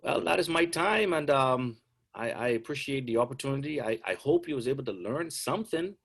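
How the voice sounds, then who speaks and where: A middle-aged man who coaches basketball, talking through a video call. He is chatty and joking, with a voice of middling pitch that sits right in the usual range for a man. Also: expressive, fairly quick, a bit bright, breathy edge.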